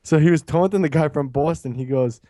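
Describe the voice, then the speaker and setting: A man with a New York accent co-hosting a fitness podcast in casual chat, excitable and quick to stumble over his own words. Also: on the high side, no echo, studio quality. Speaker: podcast co-host.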